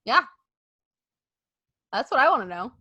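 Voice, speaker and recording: A woman co-hosting a casual wrestling podcast, animated and laughing, acting out others' lines in jokey voices. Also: on the high side, unhurried, breathy edge, dry recording, lo-fi sound. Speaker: podcast co-host.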